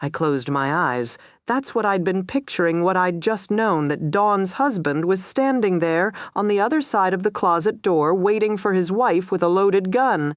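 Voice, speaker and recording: A narrator reading a crime thriller aloud in first person, tense and steady. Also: medium pitch, normal speed, hardly any pauses, no echo, clean studio sound.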